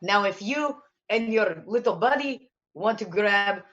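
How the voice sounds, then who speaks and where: A woman's voice: medium pitch, animated, measured pace, a bit bright, muffled recording. A woman voicing a stern male grocery clerk with a put-on Slavic accent who lays down the rules in a firm, matter-of-fact way.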